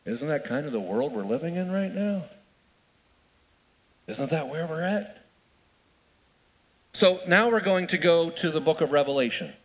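A fairly high-voiced man preaching in a lively, conversational way, his pitch swinging widely as he fires off rhetorical questions. He often stumbles and restarts mid-sentence. His voice carries a long reverb, as if from a large hall. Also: a little slow, long pauses. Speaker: pastor. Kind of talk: sermon.

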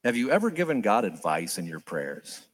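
A man preaching a sermon in an animated way, acting out the prayers he quotes with big swings in pitch and volume. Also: moderate pace.

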